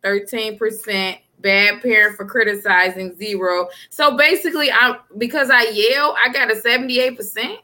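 A woman's voice: fairly high pitch, fairly even intonation, normal speed, few pauses, bright, forceful tone. Blunt, brassy woman co-host. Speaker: podcast co-host. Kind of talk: casual chat.

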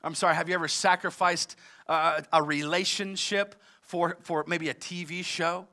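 A man preaching a sermon as pastor, moving between forceful emphatic passages and conversational asides. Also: fairly high pitch, steady tone, normal speed. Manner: preaches with rising intensity, mixes emphatic and conversational. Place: church service in a large theater.

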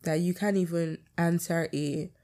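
A woman's voice: on the low side, steady tone, a little slow, dark tone. A young adult woman hosting her own podcast, talking casually and bluntly about her life, swearing freely. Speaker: podcast host.

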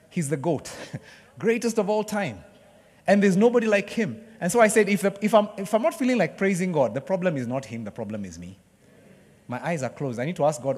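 Man, higher-pitched preacher, chatty sermon with playful asides, long hall reverb. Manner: conversational, playful with the congregation, bursts into excited cheering.

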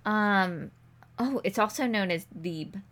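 A woman co-hosting a podcast in casual chat, blunt and giggly, reading things aloud flatly. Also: medium pitch, slow pace. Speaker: podcast co-host.

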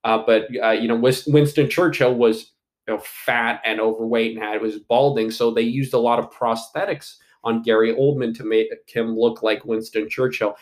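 A man's voice: medium pitch, steady tone, normal speed. A man giving casual solo commentary on an upcoming movie, rambling with many fillers and restarts and swearing casually.

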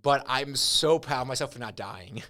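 A man's voice: mid-range voice, moderate pace, dry recording, clean studio sound. Rambling young man telling absurd stories. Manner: rambling, absurd deadpan storytelling. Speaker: podcast co-host. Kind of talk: casual chat.

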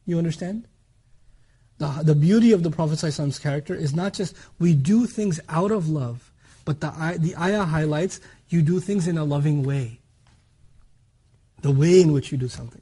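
Animated, husky-voiced male lecturer. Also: on the high side. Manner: animated, explanatory, acts out quotes, asks rhetorical questions. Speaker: Quran teacher. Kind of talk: religious lecture.

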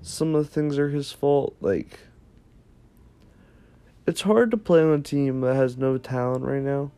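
A young man talks through his opinions in a relaxed, unscripted vlog. His voice is mellow and dark in tone, and he rambles, restarts and corrects himself as he goes. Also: mid-range voice, measured pace, clean tone. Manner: rambling, self-correcting, thinks aloud. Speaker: basketball ranking vlogger. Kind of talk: casual unscripted commentary.

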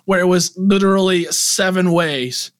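A young man co-hosting a podcast in casual chat, cutting in with quick jokes and frequent laughs. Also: sits high, no echo, studio quality. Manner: quick jokey interjections, laughs often. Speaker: podcast co-host.

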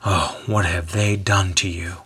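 Brief: fussing, bossy jailer's wife, put on by a male narrator, raised and husky, storybook. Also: sits low, steady tone, unhurried, fairly bright tone, exaggerated voice. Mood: concerned. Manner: bossy, exasperated questioning. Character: older woman, jailer's wife, brisk and fussing.

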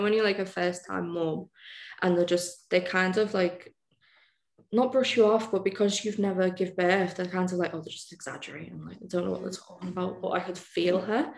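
A woman's voice: fairly low pitch, darkish tone, echoey room. A woman from the UK telling her own story as a podcast guest, chatty and full of "like". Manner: chatty, says "like" constantly. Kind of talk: casual storytelling.

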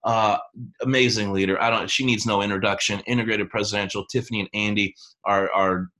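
A man hosting an online business training, coaching listeners with energetic rhetorical questions before handing over to a guest. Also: lowish voice, brisk. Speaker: host and team leader. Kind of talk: motivational training talk.

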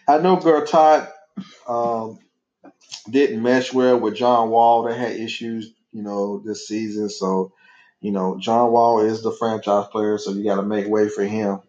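The speaker is a father co-hosting a podcast with his son, his voice fairly low and darkish, steady in tone and measured in pace. He chats casually, rambles loosely and laughs easily, all captured in an echoey, dull lo-fi room.

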